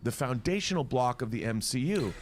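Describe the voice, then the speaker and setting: A man's voice: mid-range voice, expressive, a little fast. A man on a podcast giving an impassioned, exasperated rant about films, often repeating words as he gets worked up. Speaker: podcast host in a played clip.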